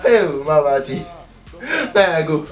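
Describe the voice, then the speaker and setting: A man with a Nigerian Pidgin accent excitedly retelling a mishap in a comedy skit, breathless and chuckling as he talks. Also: on the high side, unhurried, faint music behind. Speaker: comedian telling his own story.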